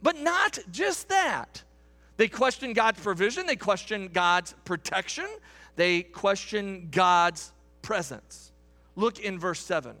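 Bright-voiced, high-pitched man preaching. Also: animated, slow, faint music behind. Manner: earnest, repeats words as he builds emphasis; acts out quoted complaints in a raised voice. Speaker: pastor. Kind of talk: sermon. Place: church.

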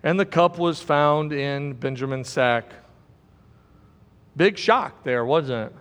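A man's voice: a little high, slow, fairly bright tone, long reverb tail. A man preaching a sermon as pastor, emphatic and repeating key words for stress.

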